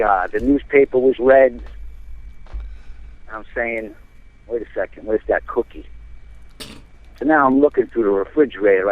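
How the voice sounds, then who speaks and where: A man from New Jersey, calling in and telling a rambling, animated story with lots of fillers. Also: mid-range voice, no room sound. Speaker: caller. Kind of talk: casual storytelling. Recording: tinny phone line.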